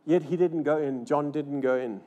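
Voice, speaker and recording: A man's voice: normal speed, highs cut off. Older man preaching with dramatic swings. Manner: dramatic, swings between loud rises and hushed low lines; asks the crowd rhetorical questions. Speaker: pastor. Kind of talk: sermon. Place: church service.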